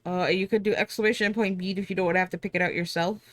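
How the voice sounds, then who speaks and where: A woman's voice: mid-range voice, fairly even intonation, quick pace, no echo. A young woman streaming live, chatting casually with viewers while she draws, sleepy and yawning. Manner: chatty, bubbly, talks to chat and herself.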